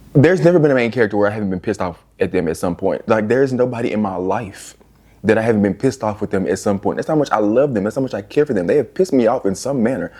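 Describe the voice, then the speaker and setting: A young man reviewing books in a casual vlog, animated and exasperated, swearing freely as he rants. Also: mid-range voice, slightly rough. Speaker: book reviewer.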